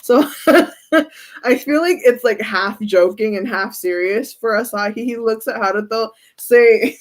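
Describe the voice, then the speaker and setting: A woman tarot reader talks through a casual reading with a fairly high voice. She speaks at an unhurried pace and keeps dissolving into giggles. Her delivery stays relaxed and chatty. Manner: giggly, often breaks into laughter.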